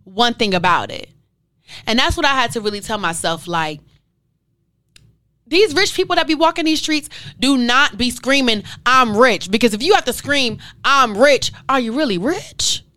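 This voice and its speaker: A woman's voice: on the high side, lively intonation, normal speed, sharp tone, no room sound, studio quality. A woman hosting her own podcast, speaking emphatically and heartfelt straight to her listeners, piling up rhetorical questions. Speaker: podcast host. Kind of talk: casual podcast monologue.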